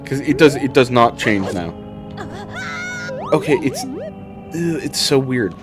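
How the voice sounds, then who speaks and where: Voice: mid-range voice, wildly swooping pitch, takes it slowly, music in the background. A streamer giving casual running commentary on a game, talking to themself and swearing often as things go wrong. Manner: swears often, talks to self while playing.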